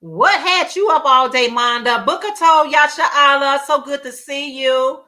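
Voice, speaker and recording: A woman's voice: high-pitched, measured pace, pushed and bright. A woman hosting a casual live stream, rambling and reading viewer comments aloud with frequent laughs. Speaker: livestream host.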